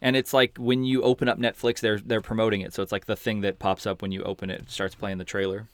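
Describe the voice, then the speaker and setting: A man's voice: on the low side, level tone, fast, clear, resonant tone, no room sound. A man hosting a podcast, chatting casually and rambling with many restarts and casual swearing. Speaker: podcast host. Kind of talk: casual chat.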